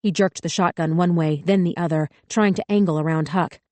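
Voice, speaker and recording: A woman narrating a thriller audiobook in a measured, tense way. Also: on the low side, steady tone, dark tone, dry recording. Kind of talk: scripted narration.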